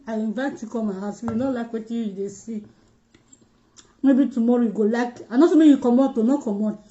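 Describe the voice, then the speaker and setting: A woman's voice: on the high side, mellow, dull audio, slight background noise. A Nigerian woman hosting a casual livestream, chatting with viewers in pidgin-flavoured English while she eats. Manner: chatty, mixes pidgin, addresses viewers directly. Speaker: livestream host.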